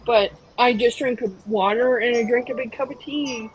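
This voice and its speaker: A woman's voice: a little high, steady tone, moderate pace, slightly rough, poor audio. A woman in a casual live chat who reads facts aloud and reacts squeamishly.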